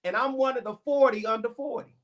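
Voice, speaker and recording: A man, co-hosting a casual sports talk show and ranting boastfully with an animated delivery. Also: very high-pitched, quick pace. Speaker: co-host.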